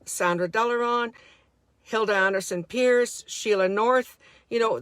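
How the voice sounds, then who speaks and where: A woman's voice: a little high, dry recording, clean studio sound. A middle-aged woman speaking an unscripted, heartfelt monologue to her handheld camera, indignant and repeating herself as she talks. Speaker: vlogger.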